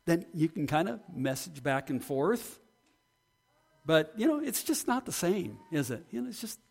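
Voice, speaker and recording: Slow, earnest man preaching a sermon. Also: fairly high pitch. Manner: earnest, builds to excited storytelling. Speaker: pastor.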